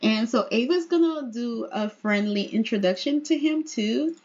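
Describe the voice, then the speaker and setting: A woman narrating her life-sim gameplay in a chatty, giggly way. Her voice is high and husky. The sound is a bit muffled and lo-fi. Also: normal speed, darkish tone. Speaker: let's play host. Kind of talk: casual gameplay commentary.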